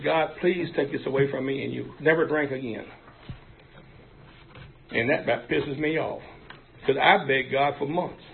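A man's voice: fairly high pitch, vocal fry. A man giving a frank, folksy recovery testimony, full of fillers. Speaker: speaker sharing at a recovery meeting. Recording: tinny phone-like recording, faint hiss.

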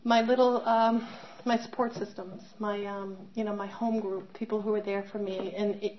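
A woman's voice: mid-range voice, flat delivery, normal speed, muffled recording, a little hiss or hum. A middle-aged woman telling her personal recovery story, candid and conversational, with many fillers and restarts. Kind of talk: personal testimony talk.

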